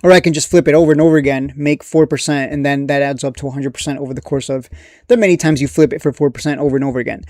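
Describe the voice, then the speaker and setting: A man's voice: mid-range voice, fairly even intonation, racing, a little mellow, dry recording, clean studio sound. A man giving casual live-stream commentary on stocks, rambling and profane, dismissive, with frequent restarts.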